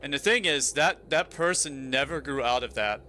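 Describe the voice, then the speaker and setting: A man's voice: mid-range voice, normal speed, bright, forceful tone, a little hiss or hum. A young man streaming a game, chatting casually and telling a long story with frequent restarts. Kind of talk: casual chat while gaming.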